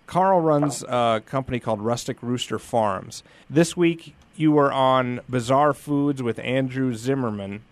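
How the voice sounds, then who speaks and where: A man's voice: mid-range voice, measured pace, hardly any pauses, no echo. A man hosting a casual interview, asking direct and playful questions. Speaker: host.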